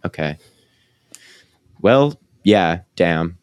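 Super deep voiced guy on a sports pod, wry and jokey, dry sound. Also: animated, drawn-out words, clean tone, no room sound. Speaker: podcast co-host. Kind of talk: casual sports chat.

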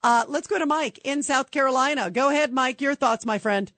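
A woman hosting a call-in radio show, talking in an animated way and acting out mocking quotes. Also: high-pitched, brisk, no room sound. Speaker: talk radio host.

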